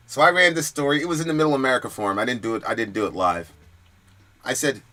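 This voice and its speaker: A man's voice: mid-range voice, fast, sharp tone. A man hosting a political commentary stream, talking in a heated, emphatic and profane way. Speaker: host.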